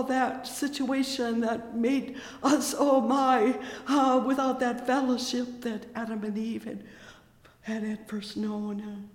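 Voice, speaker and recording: A preacher delivering a fervent, exclamatory sermon, breaking in again and again with cries of praise. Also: mid-range voice. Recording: echoey hall with long reverb.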